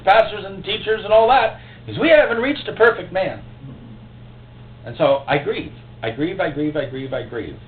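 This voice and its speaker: A man preaching a sermon as pastor, emotional and impassioned, with sudden loud outbursts. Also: a little high. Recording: echoey, tinny phone-like recording with faint hum.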